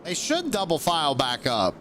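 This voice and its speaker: A high-pitched man calls a live online race as commentator, his voice rising with the action as he laughs easily and jokes with his viewers. Steady engine noise from the race game runs clearly under him throughout. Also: normal speed. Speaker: sim racing play-by-play commentator. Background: race car engine sounds from the sim.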